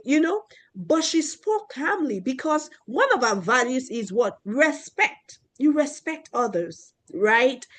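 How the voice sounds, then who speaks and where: A woman's voice: high voice, very animated, a little slow. A woman teacher leading a kids' class with questions. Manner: asks questions often, keeps checking with "right?".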